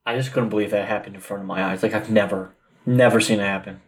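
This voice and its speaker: A man's voice: on the low side, steady tone, fast talker. A young man co-hosting a podcast, making short, incredulous remarks in casual chat. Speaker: podcast co-host.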